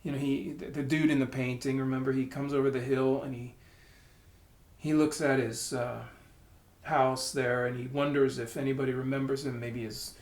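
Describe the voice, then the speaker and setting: A man's voice: mid-range voice, level tone, normal speed, a little mellow. A man giving a casual piano lesson, thinking aloud and stopping to sing notes and syllables. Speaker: piano teacher. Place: room with a piano. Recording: roomy room with piano playing.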